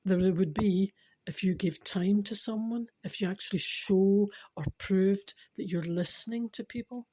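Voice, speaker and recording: A woman's voice: medium pitch, normal speed, dark tone, breathy edge. A woman with a Scottish accent telling a moving story and giving a spiritual talk, chatty and emotional, laughing often.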